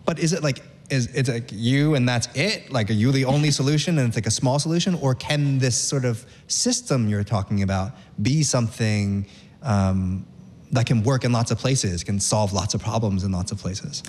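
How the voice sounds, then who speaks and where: A man's voice: mid-range voice, moderate pace, a little mellow. A man hosting a live radio food show, reading announcements and interviewing a guest on stage in a casual, chatty way. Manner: casual, chatty with filler words. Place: stage of a performing arts center.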